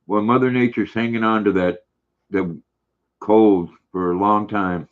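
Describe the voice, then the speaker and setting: Older male stream host, low-pitched, laid-back, reads chat aloud; dull lo-fi audio. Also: a little slow. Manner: relaxed, friendly, chatty. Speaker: livestream host. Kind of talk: casual livestream chat, reading comments aloud.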